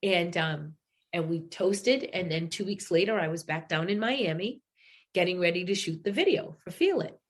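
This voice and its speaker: A woman's voice: lowish voice, normal speed. A middle-aged woman from New England, a singer telling stories in a casual interview. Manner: animated storyteller, acts out quotes. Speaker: singer and guest.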